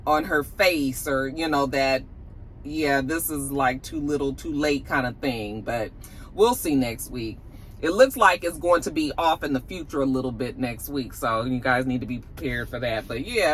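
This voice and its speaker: On a work lunch break, a TV review vlogger with a low voice relaxedly runs through an episode for her channel, performing the characters' dialogue as she narrates. A faint hiss or hum is audible.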